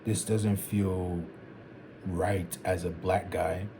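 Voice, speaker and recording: Over some background noise, a young Zimbabwean vlogger reflects out loud to the camera, wandering and repeating himself as he sorts through his ideas. He speaks in a low pitch with little pitch movement, drawing out his words.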